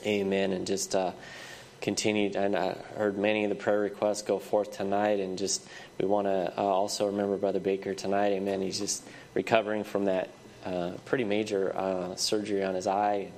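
A man with a somewhat low voice preaches a church sermon, his head audibly congested. He punctuates almost every phrase with amen and often restarts his sentences before pressing on. He speaks into a microphone in the sanctuary. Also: completely flat delivery, normal speed, darkish tone, a little hiss or hum.

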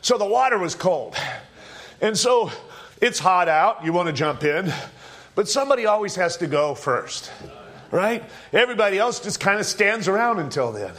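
A man's voice: high voice, sing-song, normal speed, fairly bright tone. A man preaching an informal sermon in a conversational, joking, storytelling manner.

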